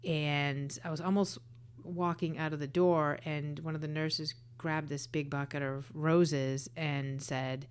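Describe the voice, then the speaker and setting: A woman telling a personal story in a casual, earnest way, sometimes dropping to a breathy whisper. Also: low voice, flat delivery, a little slow. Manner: emotional, earnest, drops to a breathy whisper at times. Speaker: storyteller sharing a personal experience.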